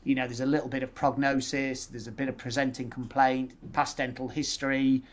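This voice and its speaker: In a casual interview, a guest dentist from West Yorkshire, England, talks through his practical methods step by step, using patient scripts. His voice is medium-pitched, level, and fairly quick.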